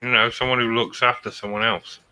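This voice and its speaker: A man's voice: mid-range voice, flat delivery, brisk, sharp tone, a little hiss or hum, poor audio. A man with a British accent joining a podcast chat, joking in a cheeky, crude way. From Britain. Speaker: podcast regular. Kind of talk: casual chat.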